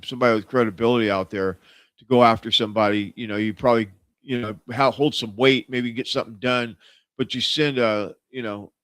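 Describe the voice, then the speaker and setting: A man hosts his show in a loose, rambling way, full of fillers and swearing. His voice is smooth and clear at a middle pitch. The sound is dry and close. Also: a bit bright, no room sound. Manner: rambling, many fillers, profane. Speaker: podcast host. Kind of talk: casual commentary.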